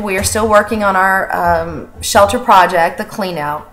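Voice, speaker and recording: A woman's voice: mid-range voice, moderate pace, few pauses, a bit bright. A woman hosting a casual video update for an animal sanctuary, talking in an earnest, chatty way with many fillers and restarts. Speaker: animal sanctuary director and host.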